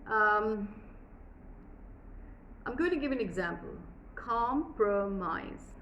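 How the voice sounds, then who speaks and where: A woman's voice: medium pitch, normal speed, dull audio, a little hiss or hum. A woman teaching a pronunciation workshop, drawing out example words and asking the listener questions. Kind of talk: workshop lesson.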